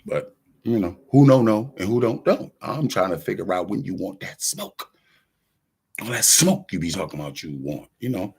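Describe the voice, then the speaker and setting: Man, low gravelly voice, loose profane street-slang monologue that hops from topic to topic. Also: moderate pace. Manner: animated, jumps between topics. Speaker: rapper talking to camera. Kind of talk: casual rambling monologue.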